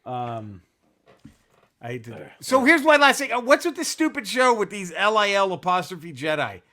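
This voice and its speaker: A man's voice: sits high, very animated, moderate pace, bright, forceful tone. A man co-hosting a podcast, chatting in a crude, profane, joking way. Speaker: podcast co-host. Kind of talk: casual comedic chat.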